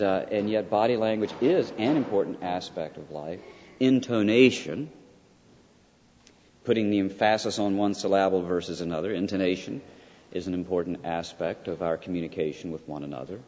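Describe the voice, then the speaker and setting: A man lecturing as a college professor, emphatic and often checking in with his listeners with a quick "right?". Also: low-pitched, mellow, a little hiss or hum. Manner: emphatic, peppered with "right?" asides. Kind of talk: classroom lecture. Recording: dull lo-fi sound with long hall reverb.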